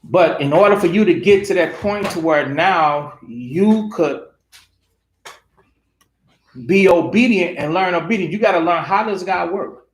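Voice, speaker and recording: A man with a high-sitting voice preaches from scripture at a measured pace, pressing his points with emphasis, posing rhetorical questions and repeating phrases. The recording carries a roomy echo.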